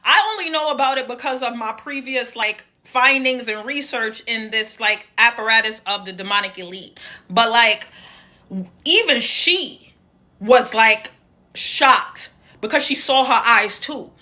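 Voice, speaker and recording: A woman telling a personal story in a casual, animated, slang-filled way. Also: fairly high pitch, measured pace.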